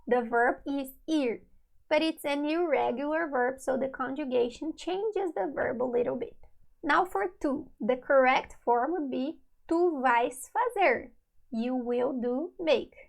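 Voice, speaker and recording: A woman's voice: high voice, unhurried, creaky, low-quality recording. A woman teaching a lesson, patiently repeating each example. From Brazil. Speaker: Portuguese teacher. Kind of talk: online language lesson.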